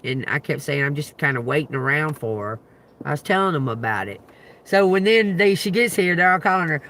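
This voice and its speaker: A man, telling a profane, animated story on a casual livestream, with loud outbursts. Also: on the high side, fairly quick, a little hiss or hum. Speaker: tarot reader livestreamer.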